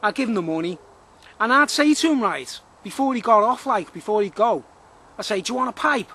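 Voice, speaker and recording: A man's voice: high voice, animated, brisk, sharp tone. A man rambling through a video monologue outdoors in the woods, full of fillers and repeats. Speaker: vlogger.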